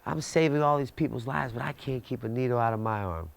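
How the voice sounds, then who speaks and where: Speaking quickly in a mid-range voice with vocal fry, a recovery speaker in his thirties gives a gripping personal account of addiction. He builds the narrative by posing rhetorical questions.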